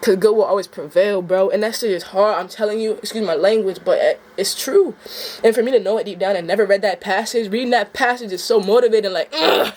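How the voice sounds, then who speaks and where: A woman's voice: mid-range voice, quick pace, a little mellow. A young adult woman vlogging about her faith, reading scripture and then talking in a heartfelt, slangy way, often saying "bro.".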